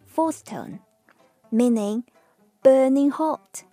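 A woman from China with a Chinese accent, teaching Mandarin tones with patient, drawn-out model words. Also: fairly high pitch, warm tone, soft background music. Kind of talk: slow pronunciation lesson.

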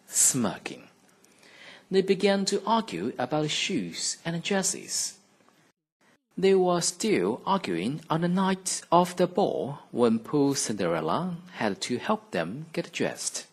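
Brief: male teacher narrating a fairy tale, slow and deliberate, breathy. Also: a little high, sing-song. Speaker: radio English teacher. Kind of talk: slow, expressive storybook reading.

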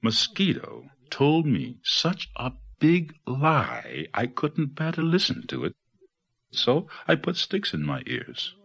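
A man voicing a small, excitable male iguana with a high, protesting voice in a read-aloud picture book. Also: slow, gravelly, slightly rough, heavily acted.

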